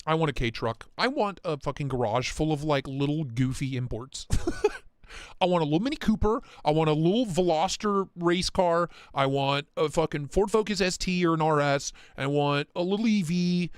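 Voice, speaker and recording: A man hosting a casual live stream, talking in excitable, profane, rambling rants. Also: on the high side, moderate pace, smooth, no room sound, studio quality. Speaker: livestream host.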